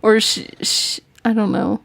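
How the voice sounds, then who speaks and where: A woman's voice: medium pitch, level tone, measured pace, creaky, fairly bright tone, dry recording. A woman hosting a podcast in casual chat, giggling often and rambling as she talks. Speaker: podcast host.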